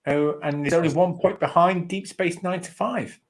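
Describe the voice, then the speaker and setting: A man's voice: sits high, moderate pace, rough recording. A man hosting a trivia quiz over a call, rambling and laughing mid-sentence as he corrects himself. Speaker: quizmaster host.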